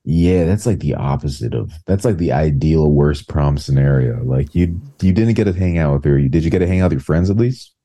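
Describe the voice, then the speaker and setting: Very deep, husky-voiced male comedian. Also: a little fast, hardly any pauses, mellow. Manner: laid-back, joking, profane. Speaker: podcast guest, comedian. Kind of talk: casual banter.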